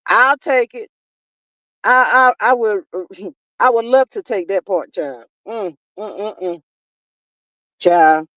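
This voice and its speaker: A woman's voice: medium pitch, slow, pauses often, a bit bright, no room sound, highs cut off. A woman hosting a casual livestream, chatting with viewers in a folksy way and calling them "child" and "honey.". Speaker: livestream host. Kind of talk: casual livestream chat, reading viewer comments.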